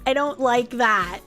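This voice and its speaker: A woman from New England with a Boston-area accent, reading chat on her stream, swearing loudly and breaking into shrieking laughs. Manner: loud, swearing, bursts into high laughing shrieks.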